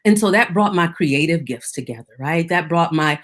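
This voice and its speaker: A woman in her fifties with a slightly low voice, speaking as a guest on a faith talk show. She gives her testimony as a story. She acts out her own past words with lively quotes. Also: moderate pace. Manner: storytelling, animated acted-out quotes.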